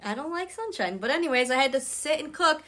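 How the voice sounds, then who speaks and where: A woman's voice: high-pitched, expressive, fast talker, pushed and bright. A woman co-hosting a podcast in casual chat, teasing and profane. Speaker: podcast co-host.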